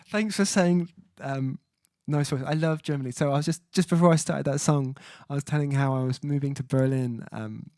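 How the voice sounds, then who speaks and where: At home indoors, a man hosts his own music livestream, chatting casually and reading viewer comments out loud; he hesitates and uses many fillers while sounding out foreign words. His mid-range voice has a darkish tone and moderate pace, recorded at studio quality with no echo.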